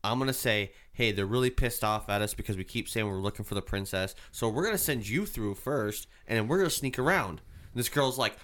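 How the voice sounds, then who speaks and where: A haunted attraction worker with a fairly low voice tells a story fairly quickly in casual chat. He is an animated storyteller who swears often and acts out the other people's voices.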